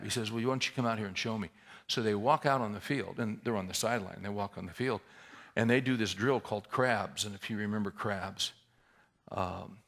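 A man preaching a sermon, telling a story in a conversational way that builds to loud, intense climaxes. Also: lowish voice. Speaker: pastor.

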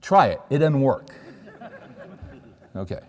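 A man's voice: mid-range voice, big pitch swings, slow, a little mellow. A middle-aged man preaching a sermon, telling stories in a conversational way and checking in with the audience. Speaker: pastor. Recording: long reverb of a large hall.

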